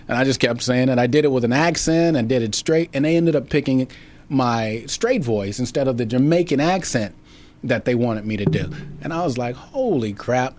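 A man's voice: mid-range voice, expressive, brisk. A man being interviewed about his acting career, telling stories in a rambling way with many restarts and fillers. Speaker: actor guest. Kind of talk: casual interview storytelling.

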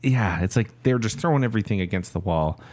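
Guy hosting, reads out the matchups, voice really animated, laughs along. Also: on the low side, fast talker. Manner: announces matchups, jokes around. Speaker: podcast host running the matchups. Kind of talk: casual chat.

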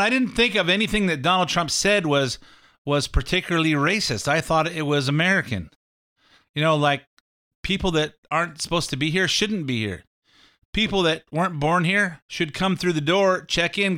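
A man's voice: fairly high pitch, pushed and bright. A man hosting a talk show, rambling sarcastically through political commentary. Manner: rambling, sarcastic, mimics catchphrases.

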